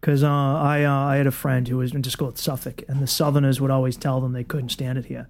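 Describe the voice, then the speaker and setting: A man's voice: medium pitch, flat delivery, fast talker, vocal fry, darkish tone. A man with a South Boston accent, a comedian guest on a radio show, riffing wryly and sardonically in casual chat.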